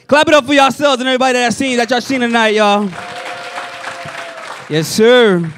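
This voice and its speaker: A New man doing stand-up on a club stage, his voice sitting unusually high for a man. He spins loose, profane stories and throws punchy asides at the audience through a handheld mic, with a faint crowd murmur and a little noise behind him. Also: moderate pace, a bit bright. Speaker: stand-up comedian. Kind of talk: stand-up comedy set. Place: comedy club stage before a live audience.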